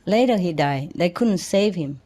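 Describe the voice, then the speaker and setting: A woman from Vietnam, a spiritual teacher telling personal stories to an audience in a halting way, with many restarts and soft chuckles. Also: lowish voice, expressive.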